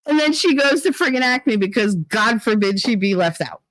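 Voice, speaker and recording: Animated middle-aged woman vlogger. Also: a little high, normal speed, no room sound, rough recording. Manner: animated storytelling, acting out quotes. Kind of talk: casual monologue vlog.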